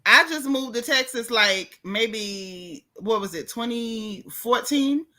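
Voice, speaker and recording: A woman hosting a casual gossip chat about reality TV, talking in an animated, sassy, emphatic way with frequent restarts. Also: fairly high pitch, slow. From United States. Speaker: host.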